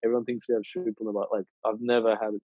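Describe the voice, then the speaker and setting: A man's voice: on the low side, flat delivery, fast talker, no echo. A young Australian man in his twenties chatting casually as a podcast guest, rambling with lots of fillers and restarts. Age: 20s. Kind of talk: casual chat. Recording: dull lo-fi dry sound.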